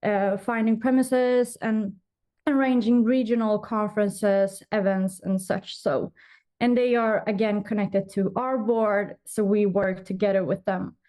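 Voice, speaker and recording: A young Swedish woman giving a conference presentation over a remote call as vice chair of a youth astronomy association, explaining with frequent pauses. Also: mid-range voice, steady tone, mellow. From Sweden. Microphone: remote call from an office.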